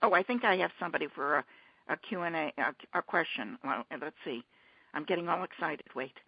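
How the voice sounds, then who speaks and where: A woman hosting a teleconference casually, talking haltingly with many restarts and fillers over a muffled conference-call line. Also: sits low, animated, gravelly, husky, no echo.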